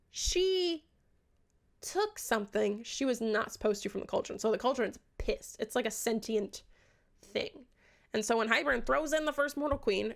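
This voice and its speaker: A woman giving an animated, sarcastic book recap in a casual vlog, swearing often. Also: fairly high pitch, gravelly. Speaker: book reviewer.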